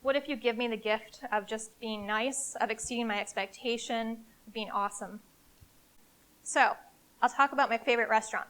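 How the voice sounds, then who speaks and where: Energetic woman giving a live talk. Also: a little high, normal speed. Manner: energetic, conversational, emphatic. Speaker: CEO giving a marketing presentation. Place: event room before a live audience.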